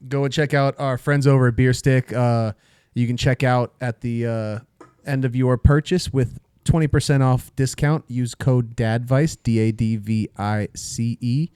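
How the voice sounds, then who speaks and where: Smooth-voiced man plugging podcast merch. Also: mid-range voice, steady tone, a little slow, darkish tone, no echo. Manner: blunt jokes, filler-heavy plugs. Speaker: podcast co-host. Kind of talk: casual chat.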